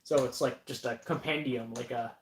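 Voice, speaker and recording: A man's voice: medium pitch, fairly even intonation, normal speed, slight background noise. A man co-hosting a casual unboxing livestream at home, joking and teasing. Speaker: livestream co-host. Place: home basement. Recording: echoey room, mic at a distance.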